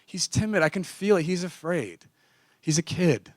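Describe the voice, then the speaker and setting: A composed woman boss speaks plainly and kindly, voiced by a man telling the story. The voice sits a little high, with a dry, close sound and no room around it. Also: animated, normal speed, no room sound. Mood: gentle. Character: woman boss, calm and gently direct.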